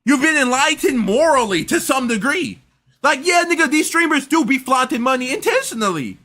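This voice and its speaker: A man's voice: very high voice, big pitch swings, fairly quick, sharp tone. A young man reacting to a video in casual commentary, incredulous and stammering through restarts.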